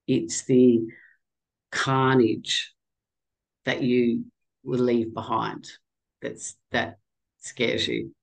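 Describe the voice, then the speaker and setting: Slow, gravelly middle-aged woman, emotional. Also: extremely low pitch, darkish tone, poor audio. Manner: halting, emotional, restarts often. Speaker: guest. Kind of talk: personal storytelling in conversation.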